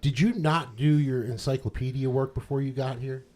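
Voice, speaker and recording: A man's voice: mid-range voice, steady tone, normal speed, a little mellow. A man on a casual podcast, teasing his co-hosts bluntly with some swearing.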